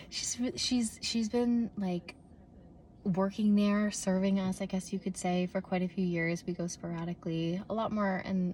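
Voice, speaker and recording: A woman's voice: mid-range voice, darkish tone, a little hiss or hum. Chatty young woman vlogging from her car. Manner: rambling, chatty, lots of fillers and restarts. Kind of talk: casual vlog chat. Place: in a parked car. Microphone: phone propped in car.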